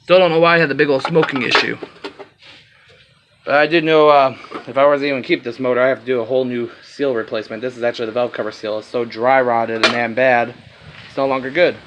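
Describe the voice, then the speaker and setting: A man with a slight Southern accent talks loosely and rambles as he walks around his car, dropping the odd curse. He is filmed handheld on a phone, the sound a little dull and lo-fi with faint outdoor noise behind. His voice sits at an ordinary middle pitch. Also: fairly even intonation, fast talker, a bit bright. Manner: rambling, casual, swears offhandedly. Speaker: vlogger showing his car project. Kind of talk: casual walkaround vlog.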